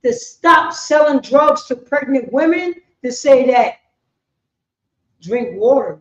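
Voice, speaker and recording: High-voiced emphatic New woman preaching. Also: expressive, takes it slowly. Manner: emphatic, repetitive, swings between loud bursts and quiet asides. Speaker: class teacher. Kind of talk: preaching to a class. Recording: echoey room, muffled lo-fi sound.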